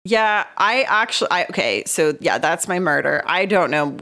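Woman co-host, lowish voice with big pitch swings, giggly, hedging. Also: lively intonation, moderate pace, bright, forceful tone. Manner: giggly, hesitant, many fillers. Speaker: podcast co-host. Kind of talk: casual comedic chat.

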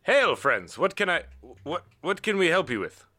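A man's voice: a little high, big pitch swings, moderate pace, sharp tone, voice pushed up, full character voice. A man doing a wary, officious elf guard.

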